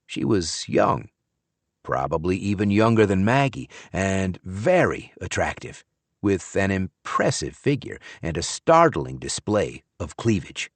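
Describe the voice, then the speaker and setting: A male audiobook narrator reading first-person fiction with a wry edge. His voice is deep and moves through a lively range. The recording is dry and close. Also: measured pace, no room sound.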